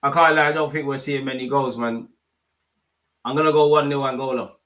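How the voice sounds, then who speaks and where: A man's voice: mid-range voice, a little fast. Slangy young man hosting a watch-along. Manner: slangy, animated, bursts of excitement. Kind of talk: live football watch-along commentary.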